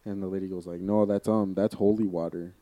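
A man's voice: sits low, fairly even intonation, brisk, warm tone. A young man telling a ghost story in casual chat, rambling with many fillers and swearing as he goes. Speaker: podcast co-host.

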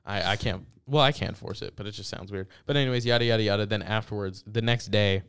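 A young man co-hosting a casual podcast, retelling a story and reading out text messages with halting restarts. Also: lowish voice, fairly even intonation, vocal fry, fairly bright tone, clear, resonant tone, no echo, studio quality. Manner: reads out texts, retells events with halting restarts. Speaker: podcast co-host. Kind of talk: casual chat.

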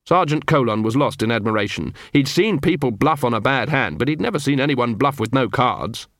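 Expressive male audiobook narrator. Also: mid-range voice, no room sound, clean studio sound. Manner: measured storytelling, expressive. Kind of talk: scripted narration.

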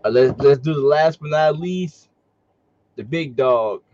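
A man's voice: fairly high pitch, measured pace, a little mellow, a little hiss or hum. A man co-hosting a podcast in laid-back casual chat. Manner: laid-back, laughs a lot. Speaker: podcast co-host. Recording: dull lo-fi sound.

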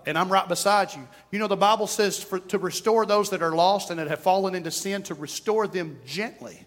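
East Texan pastor, folksy joking sermon, high-pitched male voice. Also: a little fast, fairly bright tone. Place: church sanctuary.

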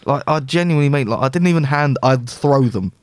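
A man's voice: mid-range voice, a little fast, no echo. Man telling stories, dry sound. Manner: animated storyteller who acts out quoted dialogue. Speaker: podcast co-host. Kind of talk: casual chat.

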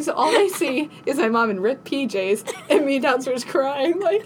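A woman co-hosting a podcast, telling a story in casual chat, animated and laughing, acting out quotes in a high panicked voice. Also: moderate pace, slight background noise. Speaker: podcast co-host.

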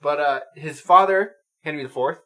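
A man co-hosting a podcast, chatting casually about movies, animated and swearing freely as he retells scenes. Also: a little high, normal speed. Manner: animated, swears freely, acts out quotes in silly voices. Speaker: podcast co-host. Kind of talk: casual movie review chat.

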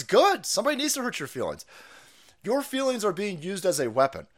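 A man streaming ranting commentary, foul-mouthed and loud, laughing and jumping between mutters and yells. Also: high voice, huge pitch swings, normal speed, vocal fry, slight background noise.

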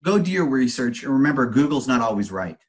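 A man hosting a podcast in a casual interview, telling stories in an animated way with fillers and restarts. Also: medium pitch, fast. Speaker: podcast host.

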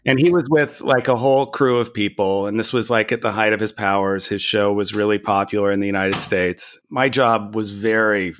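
A man with a somewhat low voice co-hosts a casual chat, telling a long story at a relaxed, measured pace. He pauses now and then with small fillers as he recalls the details. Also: a little hiss or hum. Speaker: podcast co-host.

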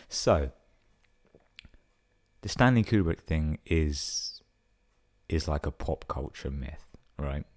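A man's voice: rumbling low, a little mellow. A man hosting a podcast, reading listener stories out casually, swearing a lot and laughing at the jokes. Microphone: podcast microphone.

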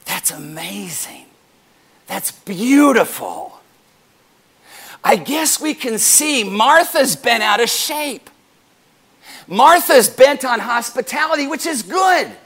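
A man pastor preaching a sermon to his congregation, animated and joking with them as he goes. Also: extremely high pitch, takes it slowly, breathy edge.

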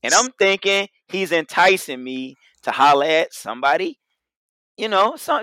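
A man's voice: high voice, big pitch swings, normal speed, bright, forceful tone, no room sound. A man on a podcast telling a story in casual chat, laughing and chiming in often. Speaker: podcast co-host.

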